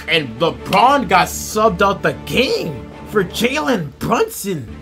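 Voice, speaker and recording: A young man giving loud, profane play-by-play commentary over a basketball video game, shouting at big plays. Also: high-pitched, very animated, a little slow, faint music behind. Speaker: gaming YouTuber.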